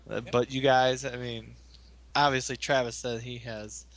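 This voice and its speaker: A man's voice: mid-range voice, fairly even intonation, measured pace, fairly bright tone, slight background noise. A man co-hosting a podcast, laid-back and laughing easily in casual chat. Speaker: podcast co-host.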